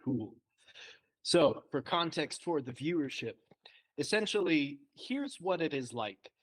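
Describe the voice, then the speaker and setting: A man, a high school English teacher, chatting casually and telling self-deprecating stories with frequent laughs. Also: sing-song, a little slow, a bit bright. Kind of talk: casual chat.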